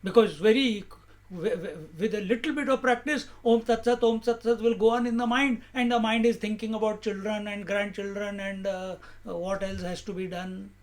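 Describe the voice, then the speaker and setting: High-voiced man giving a spiritual talk. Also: fairly even intonation. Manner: asks rhetorical questions, measured and emphatic. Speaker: spiritual teacher. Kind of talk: spiritual discourse.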